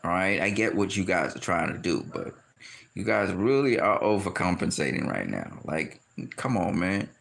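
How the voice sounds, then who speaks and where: A man giving a casual, animated boxing opinion rant, often laughing and acting out quotes in high shouted voices. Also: normal speed, gravelly, slight background noise. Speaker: boxing commentator.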